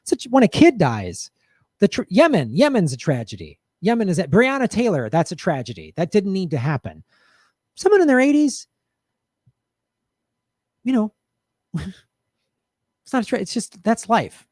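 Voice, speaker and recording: A man's voice: sits high, huge pitch swings, a little slow, pauses often, a little mellow, no room sound, clean studio sound. A middle-aged man hosting a show, telling a personal story and giving blunt, profane commentary in a casual monologue. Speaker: podcast host.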